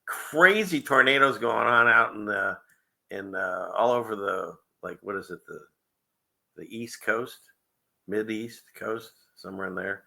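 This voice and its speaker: Male host, casual livestream chat, gravelly edge, very bright tone, rambling with lots of chuckles. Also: lowish voice, animated, measured pace. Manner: rambling, chuckling often, conspiratorial asides. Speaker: show host.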